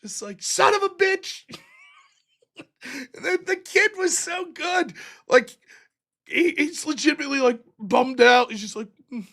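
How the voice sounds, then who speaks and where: A man with a high, bright, ringing voice hosts a casual live stream. He rambles through stories, breaks into laughter and swears freely. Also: a little slow, pauses often. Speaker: livestream host. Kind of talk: casual livestream chat reading chat.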